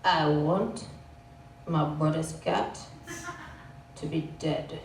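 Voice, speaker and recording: A woman putting on the voice of a defiant four-year-old boy, speaking slowly and ominously. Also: low-pitched, creaky, voice pushed down, full character voice. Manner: slow, flat, ominous. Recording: roomy live venue, distant, hissy.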